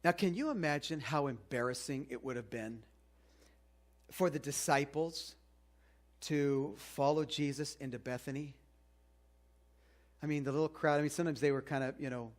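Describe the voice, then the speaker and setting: A man with a fairly high voice preaching to a congregation. He keeps it loose and chatty, stopping to ask his listeners questions. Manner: conversational, asks the congregation questions. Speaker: pastor. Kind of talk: sermon.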